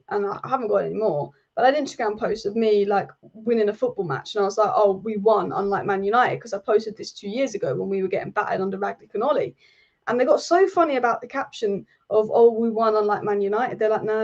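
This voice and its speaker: A young woman hosting a casual football live stream, chatty and repeating herself with frequent ums. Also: on the high side. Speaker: football channel host. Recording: slightly dull lo-fi sound.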